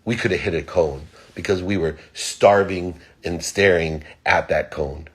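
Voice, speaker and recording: A middle-aged man giving an earnest motivational talk, telling a personal story and swinging between emphatic and hushed delivery. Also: deep voice, unhurried, husky. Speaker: motivational speaker.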